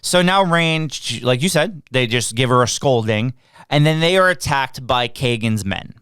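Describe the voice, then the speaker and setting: Man, podcast co-host, casual movie review chat, exasperated, smooth resonant voice, dry close sound. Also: medium pitch, animated, normal speed, fairly bright tone, dry recording. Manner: exasperated, sarcastic recapping.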